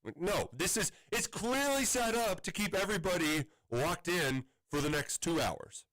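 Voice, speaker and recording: Animated man telling a frustrated story. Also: high-pitched, moderate pace, no room sound, poor audio. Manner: animated, exasperated storytelling with many restarts. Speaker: radio show co-host. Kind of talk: casual sports radio talk, storytelling.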